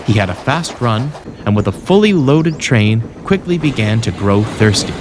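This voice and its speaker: A man narrating a children's storybook in a scripted, expressive way. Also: mid-range voice, moderate pace, few pauses, noisy background. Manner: expressive, voices every character. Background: music.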